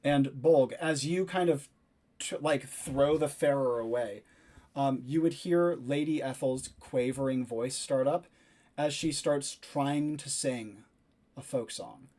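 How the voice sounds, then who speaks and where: A man's voice: mid-range voice, takes it slowly, a little mellow. A man narrating a tabletop role-playing game as game master, describing the action with many fillers.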